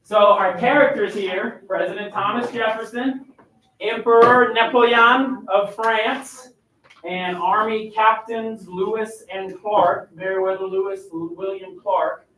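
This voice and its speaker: A man's voice: high-pitched, fairly even intonation, slow, a bit bright, a little hiss or hum. A male teacher leading his class through a role-play lesson, directing and coaching the students. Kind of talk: classroom instruction. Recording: echoey classroom, mic far off.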